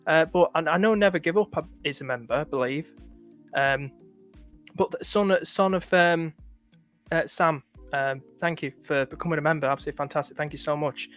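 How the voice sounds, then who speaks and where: A man's voice: a little high, moderate pace, a bit bright, soft background music. A man from the north of England with a light northern accent, chatting casually on a live stream, stopping often to thank viewers. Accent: northern English, light. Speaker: livestream host.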